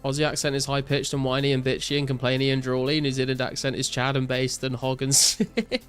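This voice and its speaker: A young man talks loosely to his live chat while he plays, reading their messages back and musing on his answers with plenty of fillers. His voice sits at an ordinary pitch and comes across smooth and clean. Soft music runs quietly underneath. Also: brisk. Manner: relaxed, reads out chat messages and answers viewers with many fillers. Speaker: game streamer. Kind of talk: casual live-stream chat while gaming.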